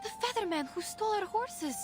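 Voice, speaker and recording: A startled young heroine in a game, her voice very high and jumping about as she demands answers. Loud music runs under her lines in the game audio. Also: lively intonation, fairly quick. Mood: alarmed. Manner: alarmed, questioning. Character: startled young woman being carried off. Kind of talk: game voice acting.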